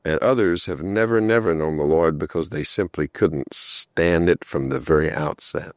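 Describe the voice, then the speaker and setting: Brief: male preacher with a very deep voice, sermon with repeated emphatic phrases. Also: normal speed, no echo, studio quality. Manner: storytelling, emphatic repetition.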